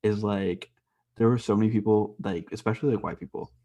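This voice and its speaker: Laughing, swearing young man with a husky low voice. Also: fairly even intonation, a little fast, mellow. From grew up half Mexican in the US. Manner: laughs often, swears a lot, rambling storyteller. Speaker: podcast co-host. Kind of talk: casual podcast chat.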